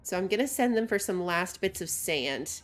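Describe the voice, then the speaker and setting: A woman's voice: fairly low pitch, lively intonation, moderate pace, soft background music. A woman streamer casually talking through a city-building game and chatting with her viewers, laughing often. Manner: chatty, reads chat aloud, laughs often. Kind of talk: casual gameplay commentary.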